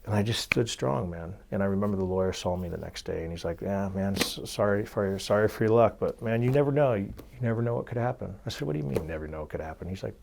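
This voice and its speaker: A man's voice: on the low side, fast talker, creaky, hardly any pauses, noisy background. A young man with a Californian accent telling his story as an interview guest, acting out the voices of people in it and filling his speech with "like" and "right?". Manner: animated storyteller, acts out quoted voices, frequent "like" and "right?".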